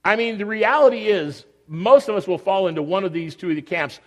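A man preaching a sermon in a conversational, animated way, acting out everyday scenes. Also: high voice, fairly quick, long reverb tail.

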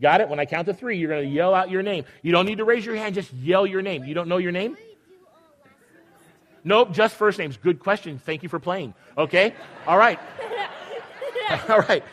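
A man's voice: sits high, fairly quick, a bit bright, a faint crowd. An older man leading a children's sermon, reading a picture book aloud and teasing the children playfully.

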